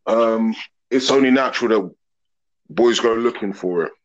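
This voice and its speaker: A man's voice: fairly low pitch, moderate pace, highs cut off. A man, a podcast guest talking openly and earnestly in long reflective thoughts. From England. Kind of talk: open casual conversation.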